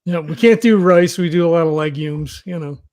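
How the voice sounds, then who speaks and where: Male player, high voice, hesitant casual talk. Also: a little fast, a little mellow. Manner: hesitant, many fillers. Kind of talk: casual tabletop play.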